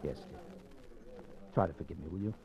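A man's voice: low-pitched, a little fast, creaky, mellow. A man playing a wealthy, courteous man under suspicion in 1940s radio acting, easygoing with hesitant restarts. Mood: tender. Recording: dull lo-fi old radio recording, faint music.

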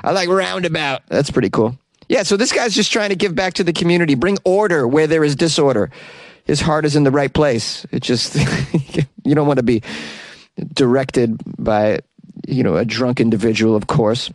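A comedian with a New England accent hosting a daily news podcast, rambling through the stories with jokes and quick laughs. His voice sits at an average pitch and is recorded dry and close on a studio mic, with no room behind it. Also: no echo. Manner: jokey, rambling, laughs often.

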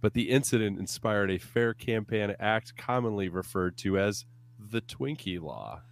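Low-voiced guy cohosting a sports podcast from home, jokey and rambly. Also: animated, measured pace. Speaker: podcast co-host. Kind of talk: casual sports podcast chat. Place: home room.

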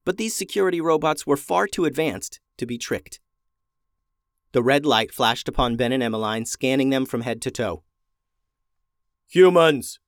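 A man reading a children's adventure story aloud, expressive and slowing down for suspense. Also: mid-range voice, dry recording, clean studio sound.

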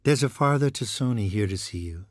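A man doing a brisk intercom secretary. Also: lowish voice, lively intonation, dry recording, clean studio sound. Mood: polite. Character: polite office secretary on an intercom.

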